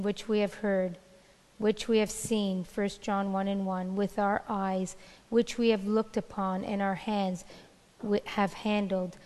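A woman pastor preaching a sermon, building through slow, emphatic repeated questions. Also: medium pitch, a little mellow, in a large hall.

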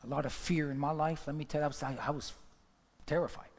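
A male preacher with a somewhat high voice delivers a testimony sermon, telling the story dramatically and rising into fervent exhortation. His voice rings out with a long hall reverb around it. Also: level tone, quick pace.

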